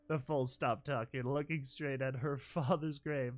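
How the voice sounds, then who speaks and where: A man reading a fan fiction story aloud, animated, with joking commentary and chuckles. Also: medium pitch, measured pace, soft background music. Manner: animated, joking asides, laughs mid-line. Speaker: reader and commentator.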